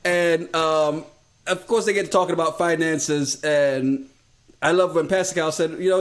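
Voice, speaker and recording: A man's voice: a little high, steady tone, moderate pace. An American man co-hosting a podcast, chatting casually, laughing often and acting out quotes. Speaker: podcast co-host. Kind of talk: casual recap chat.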